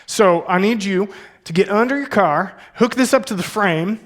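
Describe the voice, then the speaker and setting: A laid-back teenage Texan guy drawls out plain instructions, as a pastor puts him on mid-sermon. The voice sits fairly high and stays easygoing and matter-of-fact, with a Texas accent. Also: normal speed, close to an everyday voice. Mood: casual.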